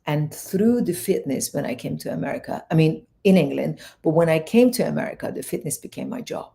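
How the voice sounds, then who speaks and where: A woman's voice: sits low, fairly quick, gravelly. A woman in her fifties from Iran, a fitness coach who tells her life story as an interview guest, rambling and restarting as she goes. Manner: rambling, animated retelling with many restarts.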